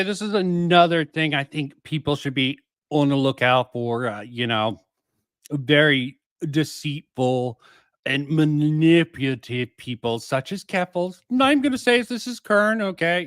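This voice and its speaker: A man's voice: fairly high pitch, moderate pace, a bit bright, smooth, dry recording. Dry-sounding man rambling through stream commentary. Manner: rambling, profane, frequent fillers and restarts. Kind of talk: casual livestream commentary.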